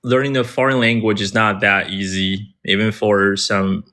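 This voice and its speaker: A man's voice: lowish voice, level tone, normal speed, sharp tone. A man with a Chinese accent, chatting casually as an English conversation partner on a livestream, hesitant and agreeable. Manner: hesitant, many restarts and fillers, agreeable. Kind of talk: casual livestream chat mixing English and Mandarin.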